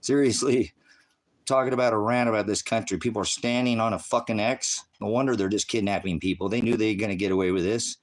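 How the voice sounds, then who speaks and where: An American man running a ministry live stream, delivering a profane, combative rant at his chat, swinging between low mutters and loud outbursts. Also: fairly even intonation, quick pace.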